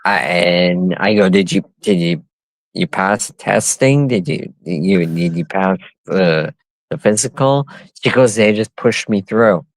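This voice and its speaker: A man telling a story in casual talk, halting and restarting often. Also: low-pitched, vocal fry, dry recording. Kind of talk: casual chat.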